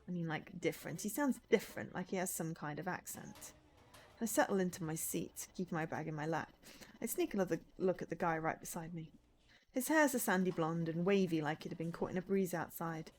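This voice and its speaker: A woman's voice: medium pitch, a little hiss or hum. A woman streaming a visual novel, reading the story aloud and breaking in with chatty asides. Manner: lively, chatty asides between read lines.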